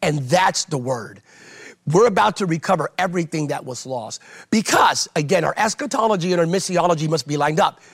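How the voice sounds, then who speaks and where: A pastor preaching with fervor, his high voice carrying a gravelly edge. He hammers his points home by repeating phrases over and over, sermon-style, even in conversation. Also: brisk. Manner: emphatic, repeats phrases for rhetorical effect.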